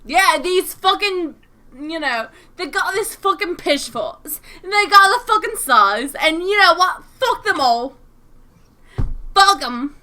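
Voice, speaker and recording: A woman's voice: very high-pitched, expressive, takes it slowly, bright, forceful tone, heavily acted. A woman voicing a rowdy, brawling human thug with a put-on Cockney accent who swears constantly and picks fights. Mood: belligerent.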